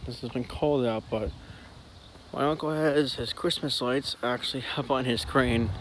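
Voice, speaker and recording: A man vlogging outdoors on a farm with his dog, chatting casually and talking to the dog in a high sing-song voice. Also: moderate pace, slight background noise. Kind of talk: casual vlog narration. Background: faint outdoor ambience.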